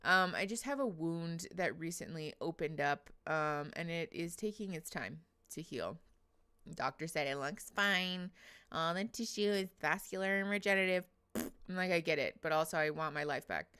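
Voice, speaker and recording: A woman's voice: low-pitched, normal speed, bright, forceful tone, clear, resonant tone. Chatty woman hosting a livestream. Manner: chatty, emotional, reading chat names aloud with laughs. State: teary after crying. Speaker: livestream host. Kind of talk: casual livestream chat.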